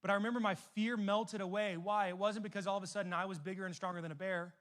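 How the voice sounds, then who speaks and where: A young man preaching a sermon as a youth pastor, telling stories and moving between emphatic and hushed delivery. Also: sits high, fairly even intonation, quick pace. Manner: storytelling, shifts between loud emphatic and soft hushed.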